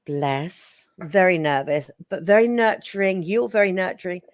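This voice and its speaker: A woman giving psychic readings on a live stream, chatty and affectionate, getting excitable and calling viewers darling. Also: on the low side, normal speed, no echo, studio quality. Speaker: psychic reader.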